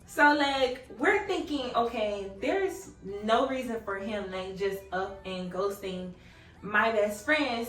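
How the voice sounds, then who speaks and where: A woman's voice: on the high side, a bit bright, recorded from a distance. A young woman vlogger telling a casual storytime, chatty and swearing, who often laughs and raises her voice to quote people. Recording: echoey room, away from the mic.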